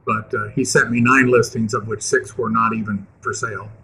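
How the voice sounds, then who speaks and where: A man in the audience of an office meeting, telling a short story in a halting way with many fillers. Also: on the low side, flat delivery, crowd noise, rough recording.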